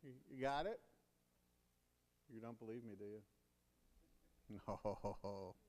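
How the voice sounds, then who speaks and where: A man's voice: lowish voice, takes it slowly, darkish tone. A man serving as deacon, giving a playful children's sermon, coaxing and teasing the kids into answering. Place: church sanctuary. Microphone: handheld or stand microphone. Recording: long church reverb.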